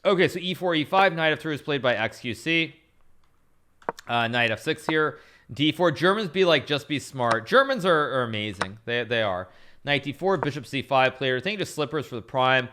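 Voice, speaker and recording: Bright-voiced man rambling through chess commentary. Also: mid-range voice, lively intonation, normal speed, a little hiss or hum. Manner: chatty, rambling, repeats phrases; thanks viewers for subscriptions between moves. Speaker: chess streamer analyzing games. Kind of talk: casual live-stream commentary.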